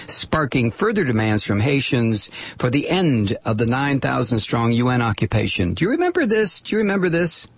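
A man hosting a political talk radio show, delivering a sarcastic, animated monologue and reading listener messages. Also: medium pitch, gravelly, husky, dry recording. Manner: sarcastic, animated, mock voices for quoted people.

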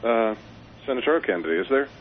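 A man's voice: mid-range voice, lively intonation, quick pace. A male caller from Colorado on a radio show, speaking earnestly and persuasively with some fillers. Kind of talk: phone-in talk. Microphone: telephone. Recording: tinny phone line with faint hiss.

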